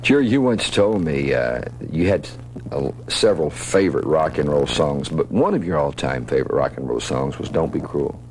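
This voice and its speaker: A man with an extremely deep voice asks a guest friendly questions. A faint hiss sits behind him. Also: lively intonation, moderate pace, darkish tone. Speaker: interviewer.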